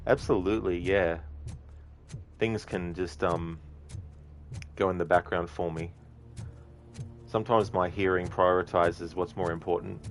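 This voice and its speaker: A man streaming a video game, chatting casually with viewers, relaxed and rambling with plenty of ums. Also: low-pitched, unhurried, long pauses, soft background music. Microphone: streaming microphone at the console.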